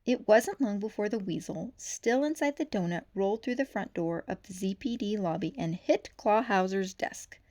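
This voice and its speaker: A woman reading a children's novel aloud for storytime, with lively, expressive narration. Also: mid-range voice, normal speed, hardly any pauses. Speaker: storytime reader.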